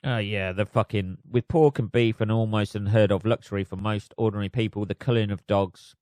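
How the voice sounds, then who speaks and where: A man's voice: fairly low pitch, steady tone, brisk, mellow, no room sound, studio quality. A man hosting a solo podcast, reading news aloud and riffing on it in a sweary, sardonic way. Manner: sweary, sardonic, laughs at his own jokes. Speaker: podcast host.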